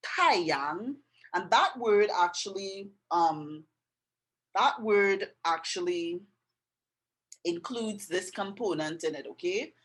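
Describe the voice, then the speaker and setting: A middle-aged woman tutors art and language, giving a patient, step-by-step lesson in art and writing and often checking in with the viewer. Her voice is mid-range with a fairly bright tone, and the recording quality is low.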